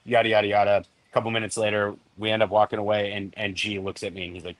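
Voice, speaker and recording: A man's voice: lowish voice, fast, hardly any pauses, a bit bright, no room sound. A man, a podcast guest, telling a self-deprecating story with many restarts. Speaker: podcast guest, cigar brand co-owner. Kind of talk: casual storytelling.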